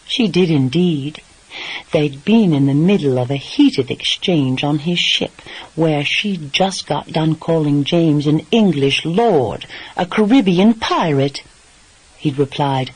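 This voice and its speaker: A man narrating a romance audiobook in a steady, even storytelling delivery. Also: on the high side, measured pace, creaky, breathy edge, low-quality recording.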